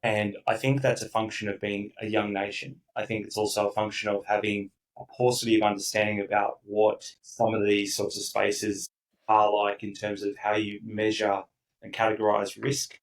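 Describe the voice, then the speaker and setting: A man's voice: lowish voice, little pitch movement, normal speed, distant mic, rough recording. A man speaking as a company founder guest in a casual podcast interview, emphatic and enthusiastic, acting out the voices of the people he quotes.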